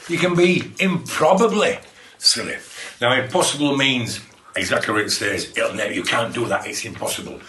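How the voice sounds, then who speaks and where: A man's voice: mid-range voice, bright, forceful tone, a little hiss or hum. A man running a playful poetry lesson for children, exclaiming and laughing as he shares tips. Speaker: children's poet. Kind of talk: lively poetry workshop for children. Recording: echoey room.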